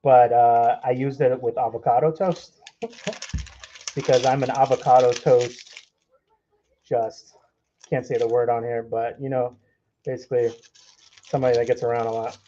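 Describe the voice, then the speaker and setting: This young man runs a cooking channel and chats and jokes with viewers during a live stream from his kitchen at home. His medium-pitched voice barely moves in pitch and has a dark tone, delivered at a measured pace with frequent pauses. The audio is dull, with slight background noise.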